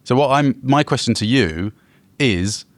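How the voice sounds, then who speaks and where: A man's voice: mid-range voice, animated, a little slow, no echo. A man co-hosting a podcast, chatting casually and teasing his co-host in a playful way over a remote call. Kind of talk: casual chat.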